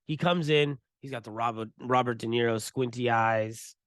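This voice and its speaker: A man co-hosting a podcast, telling a story in a casual, profane, animated way and laughing as he goes. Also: mid-range voice, normal speed, no room sound. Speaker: podcast co-host.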